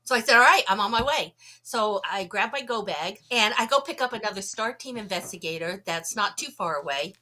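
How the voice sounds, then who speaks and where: A bright, forward-sounding woman tells her story with lively energy and voices the people in it. She has a slight cough and a touch of throat trouble. She sounds like a podcast guest speaking into a call mic. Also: medium pitch, a little fast, few pauses. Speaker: guest, UFO investigator. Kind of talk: animated storytelling.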